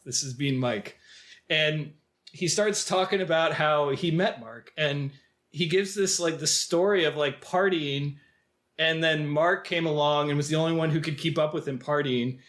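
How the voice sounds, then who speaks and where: A man's voice: on the high side, fairly bright tone. A man co-hosting a film podcast, rambling in casual talk with lots of filler words. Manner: rambling, heavy use of "like" fillers. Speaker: podcast co-host.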